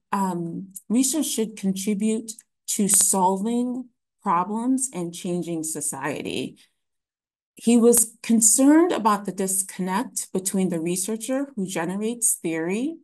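A woman presenting an academic lecture in a webinar, explaining ideas in a measured way with frequent ums and restarts. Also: medium pitch, a little mellow.

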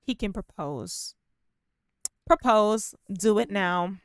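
A young woman giving excited, gushing commentary while playing a life-sim video game. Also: mid-range voice, slow pace. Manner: excitable, gushing, squeals with delight. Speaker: gaming video host. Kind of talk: casual gameplay commentary.

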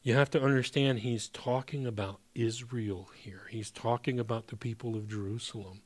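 Man preaching with hushed, emphatic turns. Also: mid-range voice, steady tone, normal speed. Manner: conversational preaching with sudden emphatic rises and hushed drops; addresses congregation as brothers and sisters. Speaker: pastor. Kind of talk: sermon.

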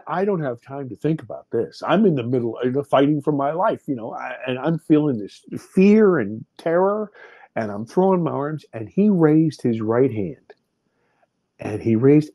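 A man's voice: medium pitch, warm tone, no echo. A man in his fifties, a podcast guest, vividly retelling a personal experience with many restarts. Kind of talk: personal storytelling in an interview.

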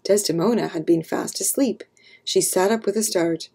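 A woman reading a storybook aloud for children, narrating calmly and clearly. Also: fairly low pitch, normal speed.

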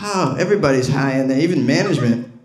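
A man doing a stand-up set, telling stories and dropping into deadpan quotes of other people. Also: mid-range voice. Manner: conversational storytelling with deadpan quoted asides. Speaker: stand-up comedian. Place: comedy club stage. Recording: echoey club with crowd laughter. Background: audience laughing.

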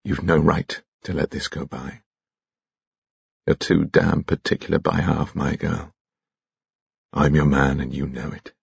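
A man playing a controlled, ardent police inspector, speaking quietly and measured. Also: extremely low pitch, steady tone, vocal fry, slightly rough, no room sound, lo-fi sound, full character voice. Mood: low, intimate.

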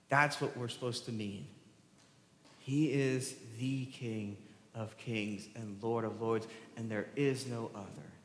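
A man preaches in a church sanctuary at a mid-range pitch, putting questions to the congregation and answering them himself. His voice carries through a roomy hall with a long reverb tail. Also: a bit bright. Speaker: pastor. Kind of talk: sermon.

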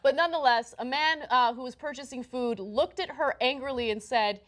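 A woman hosting a news commentary show, wry and quick to read out quotes. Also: on the high side, fairly bright tone. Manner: wry, reads quotes aloud.

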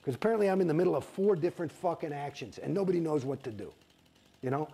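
Man, middle-aged, interview guest, emphatic, profane, rambling, raspy, high-pitched. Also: expressive, fast talker, dark tone. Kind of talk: candid storytelling.

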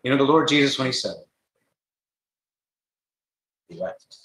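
A man's voice: medium pitch, expressive, measured pace, a bit bright, echoey room. A man preaching a gospel sermon in a large tent, earnest and urgent, pressing his listeners with repeated rhetorical questions.

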